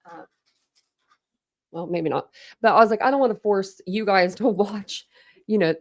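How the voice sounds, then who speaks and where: A woman with a medium-pitched voice speaks at normal speed, recorded dry with studio quality. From her home she hosts a casual true crime livestream, chatting, greeting viewers and laughing often.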